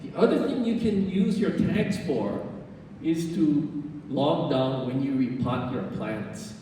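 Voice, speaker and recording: A man giving a club presentation, explaining things in an unhurried way with fillers and self-corrections. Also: animated, warm tone. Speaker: orchid society speaker. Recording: roomy hall, distant mic, faint rumble.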